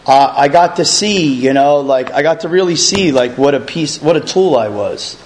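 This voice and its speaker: A man's voice: fairly high pitch, moderate pace, a little hiss or hum, low-quality recording. A man telling his own recovery story, rambling with many filler phrases and restarts. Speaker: recovery program member sharing his story. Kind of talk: personal testimony.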